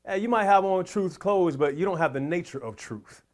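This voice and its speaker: Brief: young adult man, fervent preacher, slightly higher pitch, repetitive prayerful delivery. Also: normal speed. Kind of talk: sermon.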